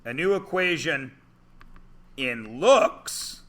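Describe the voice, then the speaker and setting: A man's voice: fairly high pitch, animated, very slow, a bit bright. A man teaching math to a class, giving instructions and explaining steps with dry, theatrical jokes. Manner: dry, theatrical joking with students. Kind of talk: classroom lecture.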